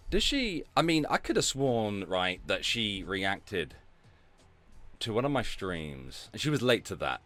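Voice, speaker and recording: A man hosting a casual livestream rant, sarcastic and mocking, dropping from low mutters to loud announcements. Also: big pitch swings, slow, pauses often, soft background music. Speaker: streamer host.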